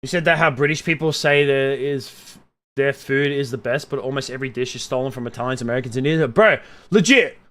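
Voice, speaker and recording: Reading viewer chat on stream, this young Australian man responds in a casual, opinionated, lively way, alternating between loud outbursts and mumbled asides. He has a medium pitch and talks fast.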